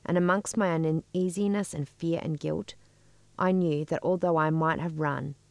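A middle-aged woman telling a personal story in a measured, wry way. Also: low-pitched, fairly even intonation, creaky, smooth, no echo. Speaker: storyteller and podcast co-host.

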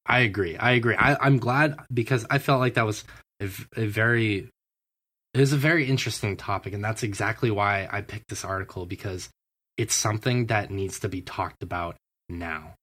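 A man with a low voice co-hosting a casual podcast. He speaks in an earnest, agreeable way and tends to repeat his words as he goes. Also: moderate pace, sharp tone. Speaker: podcast co-host.

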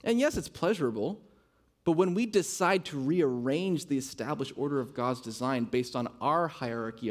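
A male pastor preaching a sermon, earnest and driving home his points with repeated rhetorical questions. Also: medium pitch.

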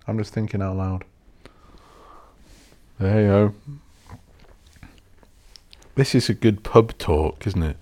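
Guy, deep voice, swearing, rambling solo podcast host. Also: mellow. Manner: swears a lot, rants and mocks posh voices.

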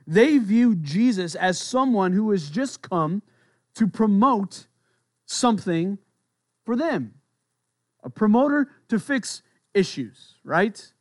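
A man's voice: sits high, very animated, slow, dry recording, clean studio sound. A man preaching a sermon as a pastor, conversational, with playful asides and repeated words as he thinks aloud.

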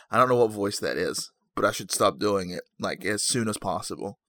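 A man's voice: on the low side, lively intonation, fairly quick, hardly any pauses, bright, forceful tone, dry recording, studio quality. A man hosting a podcast in a casual, rambling chat, goofy and self-mocking, just awake. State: just woken up. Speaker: podcast host.

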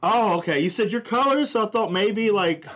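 Lively teasing podcast co-host. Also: male voice, sits high, normal speed. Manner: teasing, laughing. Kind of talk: casual podcast chat.

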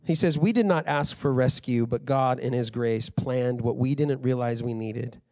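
A man's voice: mid-range voice, normal speed, darkish tone, no room sound. Conversational preaching man, dry sound. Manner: conversational preaching, rising to fired-up emphasis. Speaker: pastor. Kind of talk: sermon.

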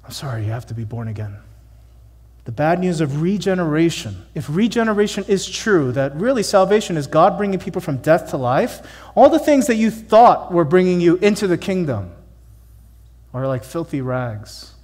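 A man's voice: fairly high pitch, sing-song, moderate pace, darkish tone, slightly rough, big-room sound. A man preaching a sermon in a church, emphatic and conversational, with many rhetorical questions. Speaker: pastor.

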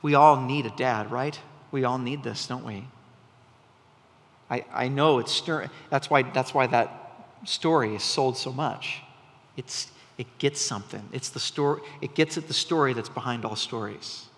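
A man preaching a sermon as a pastor, an animated storyteller whose voice rises when he gets excited. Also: mid-range voice, a little slow. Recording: long reverb from a large hall.

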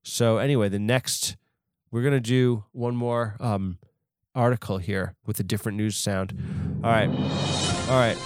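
A young man hosting a podcast, riffing on news in a rambling, profane way and swinging into loud mock outrage. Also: on the low side, steady tone, unhurried, pauses often, clean tone, dry recording, clean studio sound, soft background music. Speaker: podcast host. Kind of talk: casual comedic news riff.

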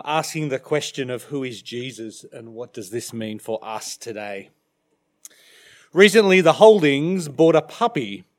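A middle-aged Australian man preaching a sermon as minister, emphatic, dropping to quiet for weight. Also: on the high side. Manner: emphatic, dramatic shifts in loudness.

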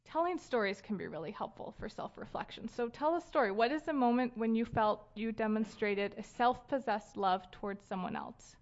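A woman's voice: a little high, moderate pace, few pauses. A woman in her thirties giving a casual sermon at a church gathering, talking conversationally with fillers and light laughs. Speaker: speaker leading a church gathering. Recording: dull lo-fi sound.

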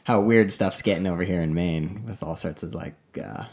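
A man's voice: sits low, moderate pace, darkish tone. A man co-hosting a casual podcast, rambling with many fillers and restarts. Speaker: podcast co-host. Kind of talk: casual chat.

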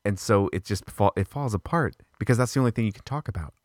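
A man's voice: on the low side, quick pace, dry recording, clean studio sound. Exasperated man ranting about a film. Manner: animated, exasperated ranting with many restarts. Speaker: podcast co-host. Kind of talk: casual film review chat.

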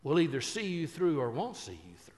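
Older male Christian humorist, folksy storyteller, somewhat high voice, hall reverb. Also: big pitch swings, brisk, darkish tone, a little hiss or hum. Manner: folksy, joking storyteller who turns earnest.

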